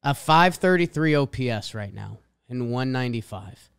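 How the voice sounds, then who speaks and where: Lively Boston-accented man reading stats. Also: mid-range voice, normal speed, vocal fry, clean tone. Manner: reads stat lines with emphatic swings. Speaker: podcast co-host. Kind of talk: casual sports chat.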